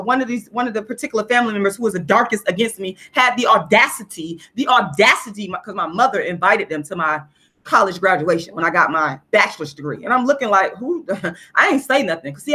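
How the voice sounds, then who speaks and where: Blunt, profane woman ranting on a livestream. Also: mid-range voice. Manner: blunt, profane, animated storytelling. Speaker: vlogger. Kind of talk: casual livestream rant.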